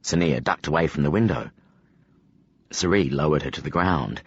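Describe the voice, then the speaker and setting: A man narrating a fantasy audiobook with expressive storytelling. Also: very deep voice, normal speed, husky, dry recording. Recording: dull lo-fi audio, dry.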